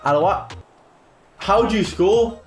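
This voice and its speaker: A young man giving excitable live gameplay commentary, bursting into shouts and repeated cheers. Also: high voice, takes it slowly. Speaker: gaming creator. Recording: roomy echo with faint music.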